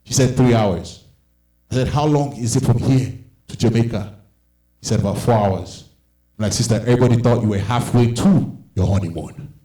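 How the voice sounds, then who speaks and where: A young man telling stand-up comedy stories, animated and acting out the people in them. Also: medium pitch, normal speed, pauses often. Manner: animated, acts out voices of people in his stories. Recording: roomy echo.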